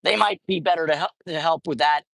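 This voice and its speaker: A woman's voice: sits low, quick pace, creaky, fairly bright tone. A woman chatting casually on a livestream while feeding street cats, rambling and often correcting herself. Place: outdoors at a street cat feeding spot.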